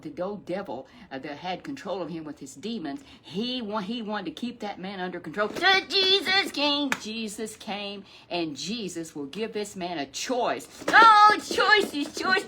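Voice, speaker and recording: Animated woman telling a Bible story. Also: fairly low pitch, noisy background. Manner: animated, rambling, with frequent restarts and drawn-out emphasis. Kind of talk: Bible story for children with a puppet.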